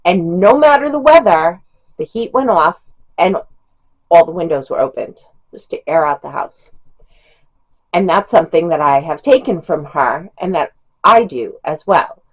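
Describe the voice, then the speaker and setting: A woman's voice: on the low side, animated, unhurried, highs cut off. A middle-aged woman chatting casually as a book reviewer, rambling with fillers and small laughs. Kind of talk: casual chat.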